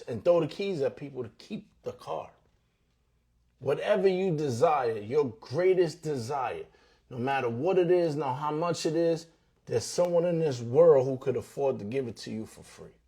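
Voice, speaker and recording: Husky man telling a motivational story. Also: medium pitch. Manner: animated, swings between loud bursts and hushed asides. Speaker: host.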